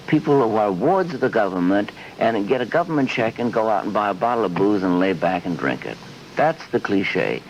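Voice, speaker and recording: Low-voiced man in his fifties, lively and rambling; muffled 1970s archive sound. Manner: rambling, animated, acts out quotes in voices. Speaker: interview guest. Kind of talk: off-camera television interview. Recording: dull lo-fi 1970s archive audio with faint hiss.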